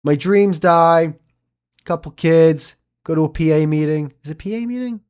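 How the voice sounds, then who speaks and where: A man's voice: a little high, lively intonation, fairly quick, warm tone, smooth. A man hosting a solo podcast, rambling and self-mocking, swearing often. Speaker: podcast host.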